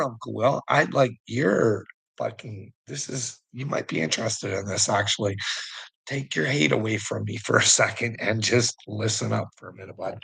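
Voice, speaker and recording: A man's voice: lowish voice, normal speed, creaky, fairly bright tone, slightly rough, rough recording. A man giving rambling casual commentary to a viewer, chuckling often and swearing freely. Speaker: online commentator.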